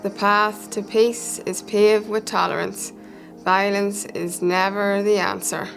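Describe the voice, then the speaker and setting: A woman playing a smug young woman who calmly lectures about tolerance and peace. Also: medium pitch, gravelly, faint music behind, rough recording. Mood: serene. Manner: calm, preachy, measured.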